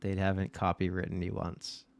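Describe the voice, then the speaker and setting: Blunt low-voiced man hosting a stream. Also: completely flat delivery, normal speed, vocal fry, no echo. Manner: addresses chat directly, blunt and swearing. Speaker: live-stream host. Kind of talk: casual live watch-party chat.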